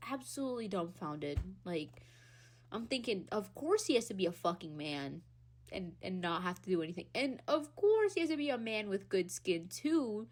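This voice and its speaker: A young Hispanic woman hosts her own podcast, delivering a casual solo rant at a moderate pace. She's animated and swears freely, laughing often and swinging between loud squeals and low mutters.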